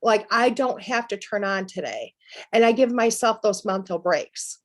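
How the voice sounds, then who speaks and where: A middle-aged woman, a psychic medium guest, telling personal stories in a lively, chatty way. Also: medium pitch, normal speed. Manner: lively anecdotal telling with laughs. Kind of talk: storytelling interview chat.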